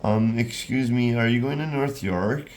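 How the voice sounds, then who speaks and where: A man voicing a gentle, curious young woman traveler in a storybook reading, talking in a soft, hesitant, kindly way. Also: mid-range voice, a little slow, a little hiss or hum, pitched above the performer's own voice, natural voice. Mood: polite, curious.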